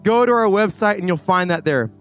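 An animated man preaches from a church stage, his voice sitting high for a man. He talks with restless energy, trailing into asides. Faint music runs under his words. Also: brisk. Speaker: youth pastor. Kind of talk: sermon. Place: church stage before a congregation.

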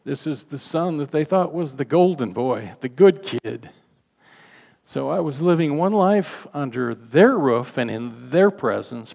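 Older guy preaching, earnest storytelling, slows way down on key bits, big echoey hall. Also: medium pitch, vocal fry, darkish tone. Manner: earnest storytelling, slows for emphasis, acts out quoted voices. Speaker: pastor. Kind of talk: sermon with personal testimony. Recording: long hall reverb.

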